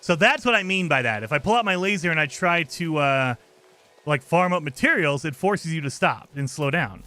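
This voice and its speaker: Male gaming streamer, slightly high, bright voice; chatty play-by-play commentary. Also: expressive, normal speed. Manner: chatty, explains as he plays, grumbles at game tools. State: out of breath at times while running. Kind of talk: casual gameplay commentary.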